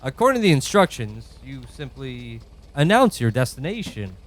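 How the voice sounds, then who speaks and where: A man narrating a comedic tabletop game as game master, in a deadpan way that keeps breaking into laughter. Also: mid-range voice, normal speed.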